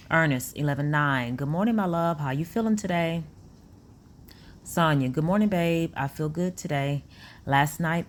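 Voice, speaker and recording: A woman's voice: sits low, slight background noise. A woman reads text messages aloud and breaks in with sassy, incredulous asides as a commentary vlogger.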